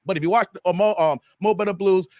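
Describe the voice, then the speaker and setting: A man hosting a casual livestream chat, animated and laughing often as he reads viewer comments and tells stories. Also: high-pitched, fast talker, no room sound, studio quality. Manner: storytelling, acts out quotes. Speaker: host.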